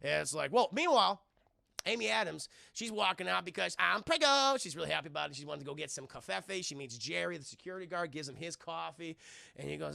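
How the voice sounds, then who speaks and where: A man casually retelling a film scene by scene for his live chat, animated and profane, often acting out the characters. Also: fairly high pitch, fast, creaky, no room sound. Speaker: film reviewer and streamer.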